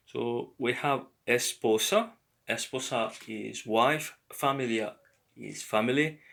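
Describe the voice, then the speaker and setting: A man giving a slow, patient beginner language lesson, explaining words one by one. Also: mid-range voice, gravelly, a bit bright. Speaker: language teacher.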